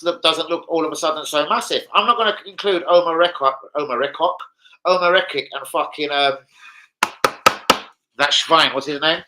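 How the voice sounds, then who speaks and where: A man's voice: fairly high pitch, sharp tone, slight background noise, poor audio. A man chatting live to viewers about football, with sweary, blunt banter. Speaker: football fan streamer. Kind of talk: casual live-stream chat.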